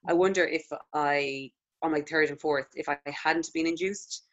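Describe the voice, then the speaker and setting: A woman's voice: low-pitched, steady tone, normal speed, dull audio. A woman in her thirties with an Irish accent, a lactation consultant chatting casually as an interview guest. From Ireland. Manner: chatty, filler-heavy storytelling with frequent "like".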